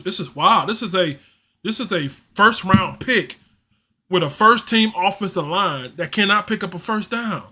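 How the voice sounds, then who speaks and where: Bright, high-voiced ranting fan man. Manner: frustrated, repetitive, slangy, ranting. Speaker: livestream host doing play-by-play. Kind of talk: casual fan play-by-play and reaction.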